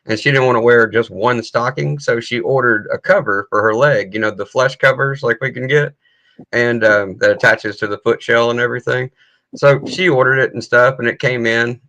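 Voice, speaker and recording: A man's voice: medium pitch, sharp tone. A man hosting a casual livestream chat, laid-back and swearing freely as he tells stories. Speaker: livestream host. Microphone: video call setup.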